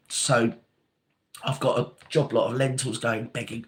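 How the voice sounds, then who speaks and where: A woman's voice: extremely low pitch, fairly even intonation, normal speed. An older woman, hosting a casual live chat, reading out viewer comments and calling them darling. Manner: chatty, calls viewers darling and sweetheart.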